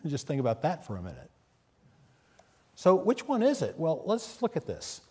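A man's voice: fairly high pitch, wildly swooping pitch, moderate pace, dark tone, breathy edge. Man teaching scripture in a reverberant hall. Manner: conversational, asks the listeners questions. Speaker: preacher. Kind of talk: Bible teaching sermon.

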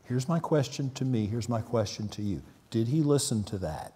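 A man's voice: mid-range voice, sing-song, normal speed, dark tone, slightly rough. A man preaching a sermon, earnest, with sudden emphatic peaks. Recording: long hall reverb.

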